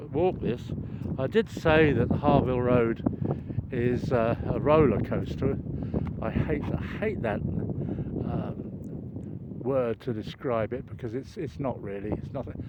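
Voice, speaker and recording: A man's voice: medium pitch, a little slow. An older man chatting in a rambling, wry way with many fillers and restarts while walking outdoors and filming. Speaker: vlogger filming a construction site. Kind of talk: rambling walk-and-talk narration. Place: outdoors by a road, walking downhill. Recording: dull outdoor camera audio with traffic noise.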